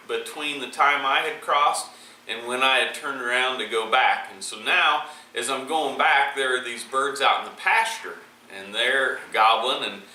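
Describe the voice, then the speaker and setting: Guy rambling thru a hunting story, real bright voice, kinda far off the mic in an echoey space w faint background hum. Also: medium pitch. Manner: relaxed, rambling with many fillers and restarts. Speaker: hunting channel host. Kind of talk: casual storytelling recap.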